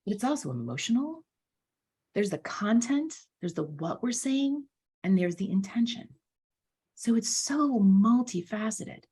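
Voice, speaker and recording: A woman speaking as a guest voice coach in a casual podcast interview, animated, often checking in with "right?" and repeating words for emphasis. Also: on the high side, a little slow, breathy edge.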